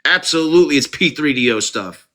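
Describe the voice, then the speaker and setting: Male live-streamer with a bright voice, ranting indignantly about a case into his phone. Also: on the high side, animated, fairly quick. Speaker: true crime live streamer. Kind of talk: casual live-stream commentary.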